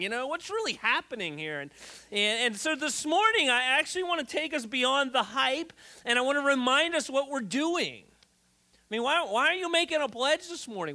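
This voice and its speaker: A man preaches to his church in a loose, conversational way, full of "uh"s and restarts. His voice sits very high for a man. It has a forceful, bright edge. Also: animated, a little fast. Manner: conversational, storytelling with many fillers and restarts. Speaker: pastor. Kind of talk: sermon.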